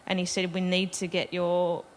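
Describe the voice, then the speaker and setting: A woman's voice: on the low side, monotone, moderate pace. A woman telling a personal story to a live festival audience, chatty and self-deprecating, laughing between lines. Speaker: festival panel speaker.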